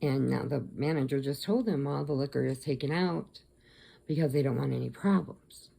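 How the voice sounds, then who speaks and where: Low gravelly-voiced woman vlogger. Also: normal speed, warm tone. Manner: rambling, chatty retelling with restarts. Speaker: crochet vlogger. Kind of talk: casual storytelling to camera.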